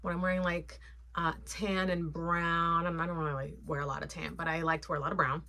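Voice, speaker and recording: A woman's voice: on the low side, little pitch movement, a little fast, pushed and bright. A woman vlogger chatting casually and playfully, with lots of fillers, about her sunglasses collection. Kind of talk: casual haul chat.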